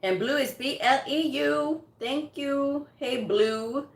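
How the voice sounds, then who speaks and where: A woman's voice: sits high, takes it slowly, gravelly. Emphatic woman giving career advice. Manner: emphatic, repeats points, chuckles often. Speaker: medical coding educator and channel host. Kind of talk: casual live-chat advice. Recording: roomy echo.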